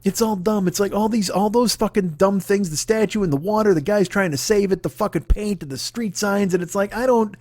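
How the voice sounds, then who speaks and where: A man's voice: high voice, a little fast, few pauses, darkish tone, dry recording, studio quality. Sweary ranting comedian in his forties. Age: 40s. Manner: sweary, exasperated, rambling. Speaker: comedy podcast host. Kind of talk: profane comedic rant.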